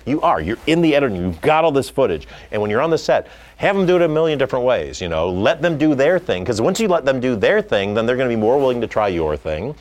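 Animated middle-aged man telling director stories. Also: mid-range voice, fast, hardly any pauses. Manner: animated storytelling, acting out quotes. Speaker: film director. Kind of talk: conversational interview.

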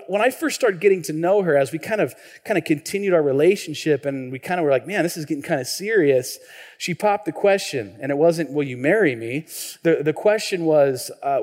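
A man in his thirties from Washington state, a pastor preaching a sermon in an animated, conversational way, with frequent restarts and questions to the congregation. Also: high-pitched. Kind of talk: sermon with personal storytelling. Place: church sanctuary. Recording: long reverb of a church hall.

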